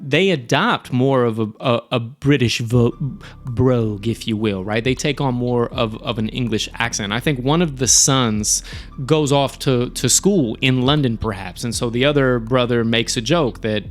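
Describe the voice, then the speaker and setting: A man's voice: mid-range voice, normal speed. Male streamer host, casual and chatty, midrange voice, faint background music. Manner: chatty, swears casually, restarts often. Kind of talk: casual live-stream review.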